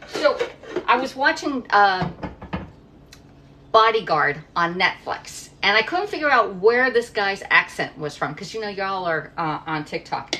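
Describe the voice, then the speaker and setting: A woman's voice: medium pitch, expressive, measured pace, pushed and bright, slight background noise. A middle-aged woman from Pennsylvania chatting casually while cooking in her home kitchen, rambling and reading viewer comments aloud. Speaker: livestream cooking host.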